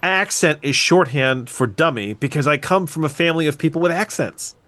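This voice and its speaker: A man co-hosting a podcast in casual chat, animated and swearing freely, his voice jumping up when excited. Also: on the high side, brisk. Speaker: podcast co-host.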